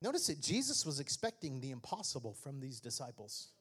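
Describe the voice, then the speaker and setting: A male pastor preaching a sermon, joking with the congregation and then building to shouted exhortations. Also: medium pitch, big pitch swings, fairly quick, husky. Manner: swings from conversational asides to shouted preaching; jokey, laughs at own remarks.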